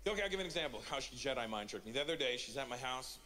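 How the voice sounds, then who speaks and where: A man's voice: mid-range voice, lively intonation, rapid-fire, background noise. A man in his forties from Canada performing a stand-up comedy routine, telling a story and acting out the quotes. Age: 40s.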